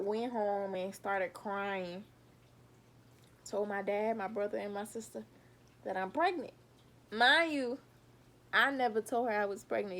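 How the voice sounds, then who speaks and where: A woman's voice: mid-range voice, fairly bright tone. A young adult woman vlogging a casual storytime, talking straight to her viewers and animatedly retelling what happened.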